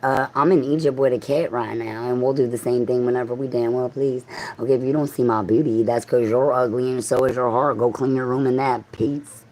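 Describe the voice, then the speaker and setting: A woman's voice: a bass voice, fairly even intonation, fairly quick, a little mellow, low-quality recording. A woman livestreaming a rambling, profane monologue, jumping from one thought to the next and talking straight at her viewers. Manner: profane, free-associating, talks straight at viewers.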